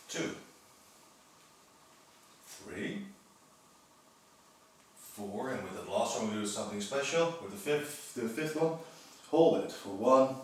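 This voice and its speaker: A man leading a physiotherapy workout, explaining each movement and counting reps in a calm, encouraging way. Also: mid-range voice, slight background noise. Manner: calm, encouraging, demonstrates while talking. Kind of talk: exercise instruction, counting reps. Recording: echoey room, voice from a distance.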